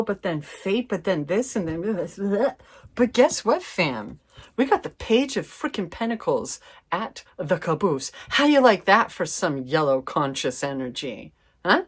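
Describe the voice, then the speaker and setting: A woman giving a casual intuitive tarot reading to her viewers, chatty and informal, with mild swearing. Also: fairly low pitch. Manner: chatty, swears mildly, laughs, addresses viewers as fam. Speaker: tarot reader.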